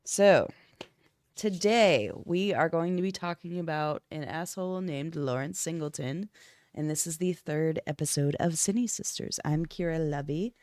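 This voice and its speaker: A woman's voice: low-pitched, measured pace, a little mellow, no room sound, clean studio sound. A woman who is sick and congested, co-hosting a true-crime stream in a casual, swearing chat. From Florida. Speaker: podcast co-host. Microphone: streaming desk mic.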